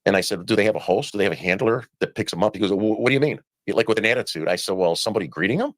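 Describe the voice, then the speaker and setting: Fast-talking man telling a story. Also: lowish voice, dry recording. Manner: rapid storytelling with quoted dialogue. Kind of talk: storytelling in a played interview.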